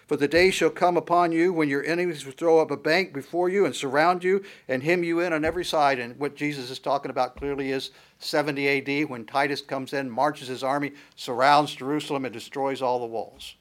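A middle-aged pastor preaching a sermon, building his points through repeated rhetorical questions and a steady preaching cadence. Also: fairly high pitch, fairly quick.

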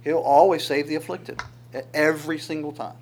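Working verse by verse through a Psalms sermon, a man with a somewhat high voice and some vocal fry speaks fairly quickly. His delivery is animated, with rhetorical questions, the occasional chuckle, and God's words voiced in quotes.

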